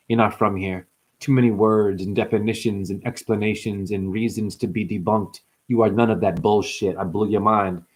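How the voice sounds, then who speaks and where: This spiritual speaker's voice sits on the low side as he wanders through a monologue, linking ideas by wordplay and swinging between hushed near-whispers and abrupt shouts.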